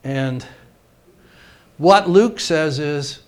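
A man delivers a sermon to his congregation from a church sanctuary. His voice sits a little high, and he reads scripture aloud with growing emphasis. Now and then he pauses and restarts to speak directly to the people in front of him. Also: darkish tone. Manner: pauses and restarts mid-sentence. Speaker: pastor.

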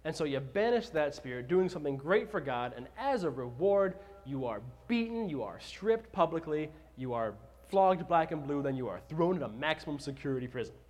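A man preaching a sermon, retelling scripture with animated, dramatized storytelling. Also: on the high side, moderate pace, hardly any pauses. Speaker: pastor.

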